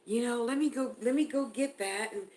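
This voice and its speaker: A woman's voice: on the high side, fairly quick, a little mellow. A woman giving a live spiritual reading to viewers. She talks in a chatty way, laughs often, and addresses people by name. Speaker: spiritual reader.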